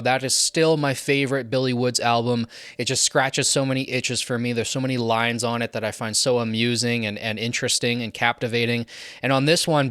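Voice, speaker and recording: A young man talks through his album rankings in an eager, chatty way, often stopping for "um" and "uh". His voice sits at a middling pitch. The recording is close and dry, with no room sound. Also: fairly bright tone, clean tone, no echo. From not English. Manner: enthusiastic, conversational with frequent fillers. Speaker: music reviewer.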